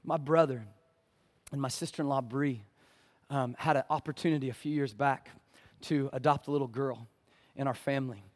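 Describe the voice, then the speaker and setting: A man preaching a sermon as pastor, swinging from loud pleading passages to hushed ones and calling for amens from the congregation. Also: medium pitch, fairly even intonation, moderate pace. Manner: calls for "amen" from the congregation.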